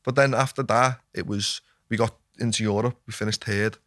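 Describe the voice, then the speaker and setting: A man's voice: lowish voice, fairly even intonation, moderate pace, fairly bright tone, no room sound, clean studio sound. A Scouse man in his twenties, a footballer guest telling his story in a casual, sweary podcast chat. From Liverpool, England. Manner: sweary, tells stories with lots of filler asides. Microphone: studio podcast mic.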